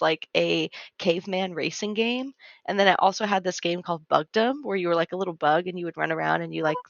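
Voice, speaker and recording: A woman's voice: lowish voice, vocal fry, a bit bright, no echo. A woman in her thirties hosting a casual podcast chat, laughing often and asking curious questions. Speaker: podcast host. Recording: dull lo-fi dry sound.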